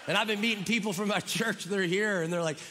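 A man's voice: high-pitched, fast talker, sharp tone, slight background noise. A middle-aged man from Minnesota, a guest pastor preaching with enthusiasm and a joking, friendly way with the crowd. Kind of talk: sermon. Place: large church auditorium. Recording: long reverb in a church hall. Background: congregation audible.

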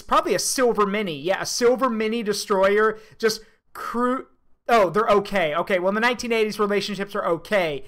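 A man's voice: high-pitched, a bit bright. A man reacting to a video on a stream, chatting casually, laughing and rambling with casual swearing.

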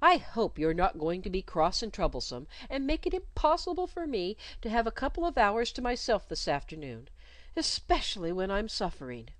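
A woman's voice: mid-range voice, big pitch swings, moderate pace, no room sound, voice pushed up, lightly acted. A woman voicing a fussy, self-pitying governess who talks in a plaintive, coaxing way.

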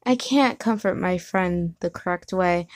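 A woman's voice: on the low side, unhurried, dry recording. Giggly woman reading fan fiction aloud. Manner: casual, giggly, stops to correct herself. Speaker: reader.

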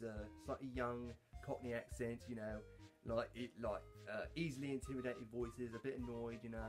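A man talking casually about his hobby voice work, halting, with lots of fillers and restarts. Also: mid-range voice, fairly even intonation, darkish tone, soft background music. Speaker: hobby voice actor. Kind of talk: casual talk to camera.

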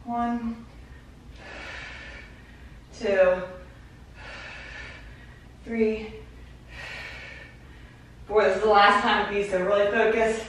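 A woman's voice: medium pitch, fairly even intonation, extremely slow, long pauses, a bit bright. A woman fitness instructor counting reps aloud and giving short cues as she works out, out of breath. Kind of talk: workout instruction. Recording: very echoey room, voice far from mic, faint noise.

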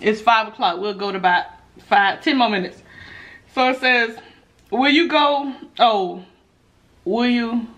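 A woman chatting casually while she eats on camera, reading viewer questions aloud and answering in a laid-back, animated way that often breaks into laughs. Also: a little high, unhurried, pauses often, dull audio. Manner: animated, laughs often when telling stories. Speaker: mukbang vlogger.

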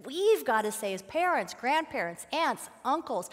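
A woman giving a lively, conversational sermon as a guest speaker, telling stories with casual fillers. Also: high-pitched, measured pace, hardly any pauses, big-room sound. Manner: animated, casual storytelling with fillers. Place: church sanctuary.

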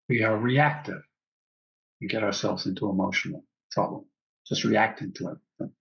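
A man teaching a breathwork class, calmly guiding the breath and repeating key phrases. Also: lowish voice, moderate pace, gravelly, highs cut off.

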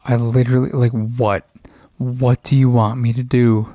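A man's voice: medium pitch, little pitch movement, normal speed, warm tone, no room sound. A man giving profane, frustrated commentary while playing a video game. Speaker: gaming streamer. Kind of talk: casual let's play commentary.

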